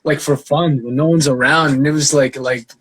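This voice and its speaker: A man's voice: fairly even intonation, moderate pace, a bit bright, husky, rough recording. A man with a Southern US accent, a guest artist, telling a profane, laughing story. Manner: profane, laughing, quotes others in high voices. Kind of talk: animated storytelling.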